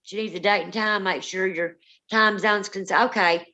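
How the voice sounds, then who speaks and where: A woman's voice: medium pitch, steady tone, normal speed, pushed and bright, dull audio. A woman, co-hosting a paranormal live stream, telling rambling family stories with many restarts. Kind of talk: casual live-stream storytelling.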